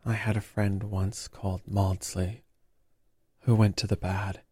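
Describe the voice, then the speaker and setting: Man doing a frightened young male thief, higher and pleading, dry close mic. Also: level tone, a little slow, a little mellow, slightly rough, no room sound. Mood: confessing. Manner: pleading, shrill, desperate. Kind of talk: audiobook character reading.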